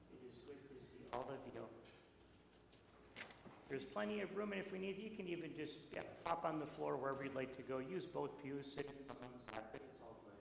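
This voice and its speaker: A man leads a children's message as pastor, gentle and playful, chatting with many fillers. His voice sits a little high. It rings out in a reverberant church sanctuary with clear room noise.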